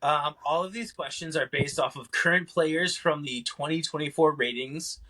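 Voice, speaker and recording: A young man hosts a loose podcast chat in a bright, forceful voice, pitched a bit high for a man. He jokes around, teases his guests and swears offhand. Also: moderate pace, rough recording. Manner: joking, teasing, swears casually. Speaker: podcast host. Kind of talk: casual chat.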